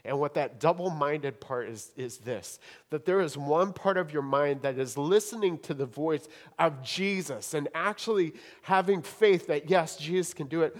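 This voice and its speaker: Man, pastor, sermon, slightly high voice, hushed-to-emphatic preaching. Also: normal speed, hardly any pauses. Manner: dynamic preaching, swinging between hushed and rising emphatic.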